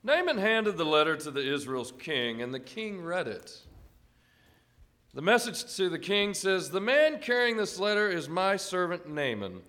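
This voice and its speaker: A man's voice: high voice, big pitch swings, measured pace, a bit bright. A man reading scripture aloud during a sermon, giving the verses expression. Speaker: scripture reader.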